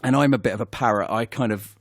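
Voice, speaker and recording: A man's voice: mid-range voice, quick pace, no echo, clean studio sound. A man, an actor guest on a podcast, telling self-mocking stories in casual chat. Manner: animated, self-mocking storyteller who laughs often.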